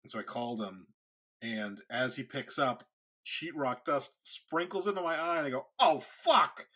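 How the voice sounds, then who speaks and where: A man's voice: mid-range voice, moderate pace, slightly rough. A man in his thirties, a podcast host, telling a story in casual chat and acting out the quotes. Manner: animated storyteller, acts out quotes.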